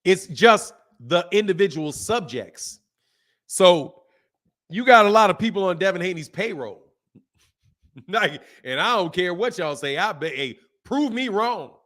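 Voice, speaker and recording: Man, high voice, casual boxing commentary, opinionated, animated, laughs often. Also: unhurried. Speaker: boxing channel host.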